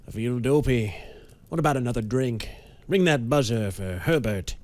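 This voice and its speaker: A man voicing a haunted, frightened millionaire in an audiobook, with a hoarse, rasping voice and slow, pained speech. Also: medium pitch, darkish tone, dry recording, close to an everyday voice. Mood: gruff casual. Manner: speaks slowly and painfully. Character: rich middle-aged male millionaire, haunted and frightened.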